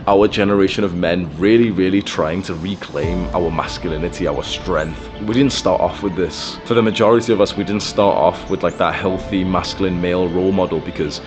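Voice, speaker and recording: Very deep-voiced young man, blunt and profane. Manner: blunt and profane, with frequent fillers. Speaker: self-improvement creator. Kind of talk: casual advice monologue.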